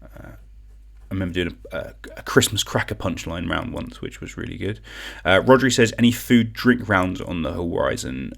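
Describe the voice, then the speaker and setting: A man's voice: low voice, lively intonation, normal speed, vocal fry, hardly any pauses, a bit bright. A young man from England hosting an online quiz, chatting casually and rambling as he reads out comments. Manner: chatty, rambling, self-deprecating, sings song clues in gibberish syllables.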